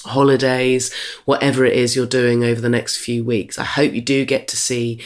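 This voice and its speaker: A woman's voice: very deep voice, fairly even intonation, moderate pace. A woman hosting a podcast, chatting playfully at home and laughing easily. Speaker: podcast host. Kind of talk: casual chat.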